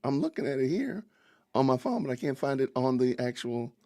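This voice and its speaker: A man's voice: medium pitch, sing-song, a little fast, mellow, no room sound. A middle-aged man, hosting a casual podcast livestream from home, chatty and laughing often as he talks to his viewers. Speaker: podcast host. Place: home, family heard in the kitchen.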